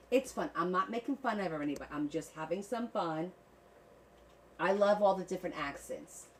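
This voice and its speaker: A woman's voice: fairly low pitch, moderate pace, slight background noise, rough recording. A woman hosting a crafting livestream, chatting playfully with viewers and laughing while she works. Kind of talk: casual chat while crafting.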